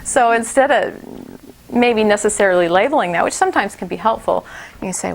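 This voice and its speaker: A woman's voice: medium pitch, moderate pace, vocal fry. A middle-aged woman giving a casual workshop talk to teachers, chatty, with many fillers and restarts. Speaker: teacher trainer.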